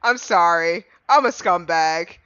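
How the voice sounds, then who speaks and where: A man's voice: sits high, slow, pushed and bright, clear, resonant tone, dry recording, muffled recording. A man streaming a game live, chatting casually and rambling to his chat between fits of giggles.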